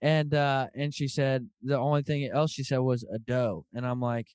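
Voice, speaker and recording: Smooth-voiced earnest podcast host, a man. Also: medium pitch, fairly even intonation, normal speed, a little mellow, dry recording, studio quality. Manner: earnest storyteller who acts out quoted dialogue. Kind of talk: casual podcast conversation.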